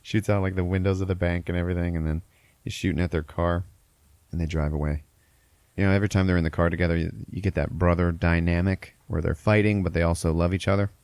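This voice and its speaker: A deep-voiced man with a gravelly, fry-heavy edge talks through a film plot on a podcast. He rambles in a loose, profane way, stacking fillers as he goes. The sound is dry and close. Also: steady tone, fast, a little mellow, no echo. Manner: rambling, profane, laughing storyteller. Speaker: podcast host. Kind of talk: casual movie recap.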